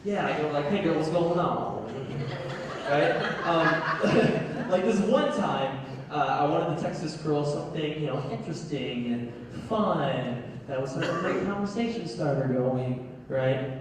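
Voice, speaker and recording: A man's voice: on the high side, expressive, measured pace, a crowd in the background. A young man doing a stand-up comedy set, telling stories and acting out the voices of people in them, laughing at his own jokes. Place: large hall, recorded from far off. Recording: echoey hall, distant mic, faint noise.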